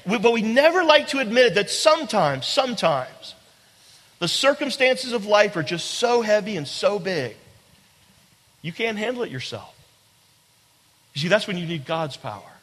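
A pastor preaches to a congregation in a large room, and the recording carries a long hall reverb. His voice is high and a bit bright, swinging widely in pitch at a moderate pace with long pauses. He is emphatic and repetitive, repeating phrases, posing rhetorical questions and addressing the listeners directly.

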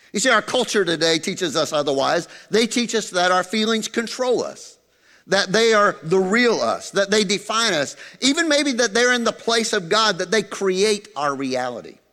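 A man preaching a sermon as pastor, animated, dropping to soft low tones for emphasis. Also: big-room sound.

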